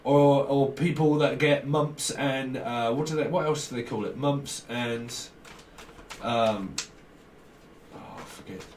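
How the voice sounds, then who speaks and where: Slow and a little mellow, this medium-pitched man gives a casual tarot reading that wanders from one association to another amid frequent chuckles. He's far from the mic, leaving a roomy, off-mic sound with faint background hiss.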